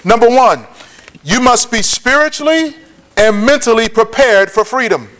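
A man's voice: very high-pitched, animated, moderate pace, a bit bright. A man teaching a Bible study, reading verses aloud and explaining them, repeating key points and checking in with his listeners.

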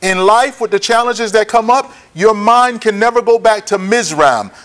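Man, high voice, Bible teaching, repeats points slowly, checks listeners. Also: a bit bright. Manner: repeats key points slowly for note-taking. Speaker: preacher.

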